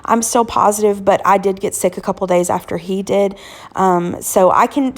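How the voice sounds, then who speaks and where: A woman in her thirties or forties, a cooking channel host, hoarse from illness, chatting casually with lots of ums as she walks through weeknight dinners. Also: medium pitch, steady tone, moderate pace. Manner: chatty, homey, frequent "um" fillers. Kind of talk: casual cooking vlog narration.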